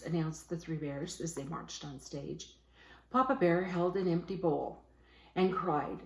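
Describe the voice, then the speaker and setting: A woman teacher reads a children's picture book aloud in a fairly low voice. The room around her rings with a noticeable echo. She gives the characters lively voices. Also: measured pace. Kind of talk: storybook read-aloud.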